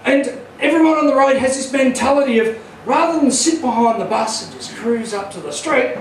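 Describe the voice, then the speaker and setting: A man with an Australian accent doing stand-up comedy, telling a crude, rowdy story and shouting his punchlines. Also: very high voice, moderate pace. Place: small comedy club stage. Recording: echoey room from far off.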